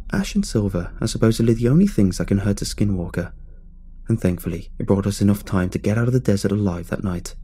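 A man narrating a scripted horror story in a measured, suspenseful way. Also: fairly low pitch, animated, warm tone, husky, faint music behind.

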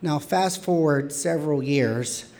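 A man in his thirties, from Texas, telling a candid personal story on stage with wry humor and lively quoted voices. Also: on the high side, unhurried.

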